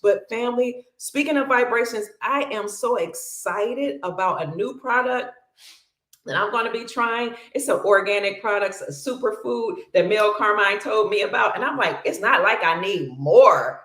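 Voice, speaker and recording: A woman hosting a livestream, chatting casually and warmly thanking viewers by name, calling them honey, sister and family, long-winded and bubbly. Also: mid-range voice, lively intonation, moderate pace, roomy sound. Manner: effusive and affectionate, calls viewers honey, sister, brother and family. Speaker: livestream host. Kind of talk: casual livestream chat reading viewer comments.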